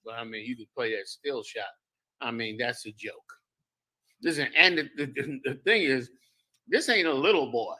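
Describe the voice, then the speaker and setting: A man's voice: medium pitch, moderate pace, sharp tone, low-quality recording. A man co-hosting a radio show in casual chat, mocking and emphatic, often repeating himself.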